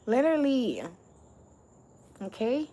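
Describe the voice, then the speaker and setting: A woman's voice: high-pitched, sing-song, takes it slowly, mellow, a little hiss or hum. A woman giving a casual spiritual tarot reading in slangy, profane talk, laughing often and stretching out emphatic phrases. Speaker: tarot reader.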